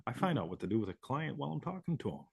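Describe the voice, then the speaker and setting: A man's voice: medium pitch, sing-song, racing, vocal fry, breathy edge, no room sound, clean studio sound. A man hosting a live show, talking casually in a rambling way, swearing and laughing often. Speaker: host.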